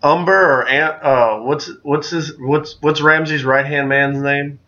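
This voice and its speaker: A man's voice: fairly high pitch, steady tone, a little slow, bright, forceful tone, muffled recording. A man co-hosting a casual podcast, rambling and swearing, often repeating himself as he talks. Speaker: podcast co-host. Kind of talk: casual chat.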